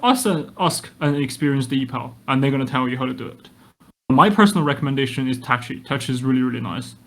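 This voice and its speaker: A man as a podcast guest, speaking low-key and quietly giving recommendations. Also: expressive, quick pace. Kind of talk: casual podcast chat.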